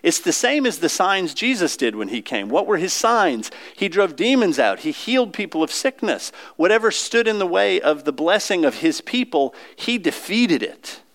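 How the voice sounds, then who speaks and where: A man's voice: sits high, big pitch swings, moderate pace, few pauses, a bit bright. A man preaching a sermon in a conversational way, often asking the congregation questions.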